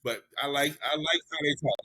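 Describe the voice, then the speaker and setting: A man in relaxed podcast conversation as a guest, giving easygoing, encouraging advice. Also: on the high side, fairly quick. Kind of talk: casual podcast chat.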